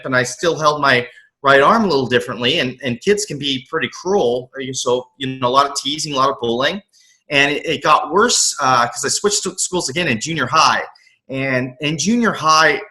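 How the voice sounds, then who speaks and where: A middle-aged man from the US West Coast, a motivational coach, telling his life story in a casual interview, earnest and animated, often restarting and repeating words. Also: a little high. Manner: earnest, animated, acts out his own past thoughts. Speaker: motivational coach, podcast guest.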